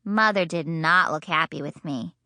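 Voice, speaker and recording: A woman's voice: sits low, normal speed, bright, forceful tone, no echo. A woman reading a children's audiobook in a bubbly, childlike first-person voice, in a studio. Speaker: audiobook narrator.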